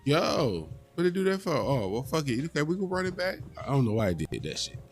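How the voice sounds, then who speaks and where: A man hosting a casual reaction livestream, animated and profane, talking straight to his chat. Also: a little high, a little fast, soft background music. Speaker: livestream host.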